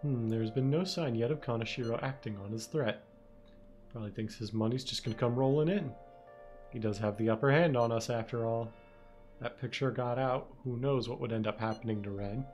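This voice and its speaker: A man's voice: medium pitch, normal speed, a little mellow. Chatty man streaming a game. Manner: chatty, reads game dialogue aloud. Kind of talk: casual let's play commentary. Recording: faint game music behind.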